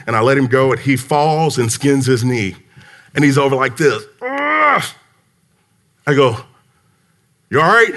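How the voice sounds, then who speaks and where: A man giving a motivational leadership talk to a live audience, an animated storyteller who acts out dialogue with emphasis. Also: mid-range voice. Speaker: business speaker. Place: conference hall.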